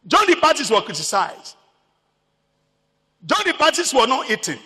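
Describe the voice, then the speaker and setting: A man's voice: very high voice, big pitch swings, fairly quick, pushed and bright, big-room sound. A Nigerian man preaching a sermon as pastor, emphatic, repeating his phrases.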